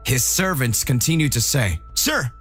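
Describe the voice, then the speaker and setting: A man's voice: on the high side, sing-song, moderate pace, a bit bright, faint music behind. A man narrating a dramatic fan-made story.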